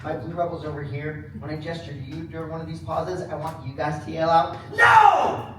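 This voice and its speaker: A man's voice: a little high, quick pace. A man presenting a history lesson to a class, calling on students and getting the crowd to repeat after him. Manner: energetic, calls on students and prompts the crowd. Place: large echoey classroom or hall. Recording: echoey room recording from far off, noisy.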